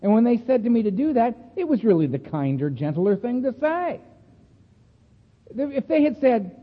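High-voiced man telling stories in an echoey hall. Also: normal speed. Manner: animated, chatty, laughs often, tags lines with "man" and "right?". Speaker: speaker sharing at a recovery meeting. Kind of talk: storytelling talk. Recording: echoey hall over a tinny phone-like line.

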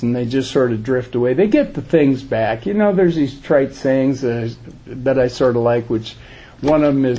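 A man's voice: medium pitch, dark tone, slight background noise. A man giving an earnest, plain-spoken recovery talk to a group, emphatic and direct. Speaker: recovery speaker.

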